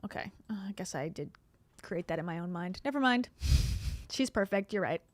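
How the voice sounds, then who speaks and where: A woman's voice: fairly low pitch, expressive, normal speed, no room sound, studio quality. A woman streaming live and reacting to a podcast clip, making sarcastic, exasperated asides and chuckling often. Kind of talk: casual livestream reaction commentary.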